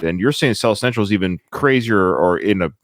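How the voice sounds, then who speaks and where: A man's voice: fairly low pitch, a little fast, dry recording, clean studio sound. A man hosting a podcast, chatting casually and animatedly as he reviews a film. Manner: conversational, animated retelling of scenes. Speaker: podcast host.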